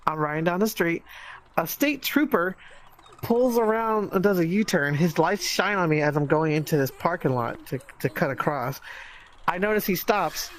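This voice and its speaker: A man casually telling a funny anecdote to friends, with wry, sarcastic, deadpan asides. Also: fairly high pitch, normal speed. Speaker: storyteller.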